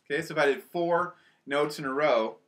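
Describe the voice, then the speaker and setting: A man's voice: fairly high pitch, moderate pace, background noise. A man teaching a band lesson from home, explaining the music in an upbeat way and counting aloud to the players. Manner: upbeat, counting aloud and calling out over drums. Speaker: school band director.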